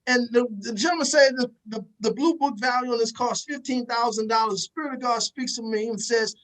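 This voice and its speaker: A man's voice: extremely high pitch, a little fast, few pauses, a bit bright, low-quality recording. Emphatic man giving a preachy motivational talk. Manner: emphatic, repetitive, addresses the audience directly. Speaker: motivational speaker.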